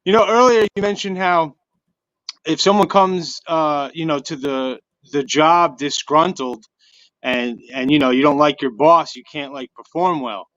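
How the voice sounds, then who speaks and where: A man's voice: on the high side, a little slow, a bit bright, no room sound. A man calling into a sports show, rambling in a loose, chatty way. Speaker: caller. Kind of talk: casual call-in chat. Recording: dull lo-fi online stream audio.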